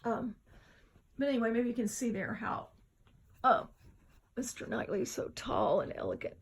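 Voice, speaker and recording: Gravelly-voiced tired woman rambling. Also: a little high, moderate pace. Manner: rambling, chatty, drifts between topics. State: tired, just woke up. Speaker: vlogger. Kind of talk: casual home vlog. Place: home, indoors.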